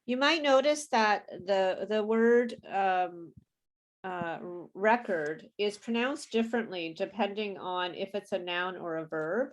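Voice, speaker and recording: A woman's voice: mid-range voice, a little slow. A woman teaching an English pronunciation lesson, speaking patiently and repeating words for her students to copy, with a light laugh now and then. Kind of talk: live online pronunciation lesson.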